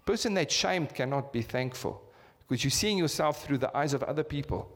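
South African pastor preaching in a reverberant church hall. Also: male voice, medium pitch, expressive, brisk. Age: 50s. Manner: asks the congregation rhetorical questions, repetitive emphatic preaching. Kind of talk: sermon.

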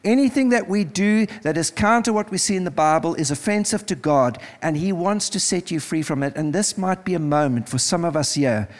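A man with a slightly high voice speaks a little fast, barely pausing, as he preaches as a pastor in a church service. He leads an altar call, earnest and pleading, repeating phrases while music plays behind him.

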